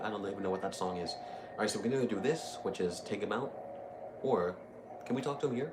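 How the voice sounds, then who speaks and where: In a very noisy recording, a young gaming video host talks a little fast in a fairly low voice. He's an easily amused young adult offering relaxed, chatty commentary as he plays.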